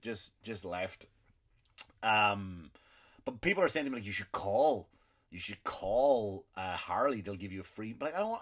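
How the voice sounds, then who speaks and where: A male comedian hosting his podcast, telling a rambling, profane story with indignant asides. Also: medium pitch.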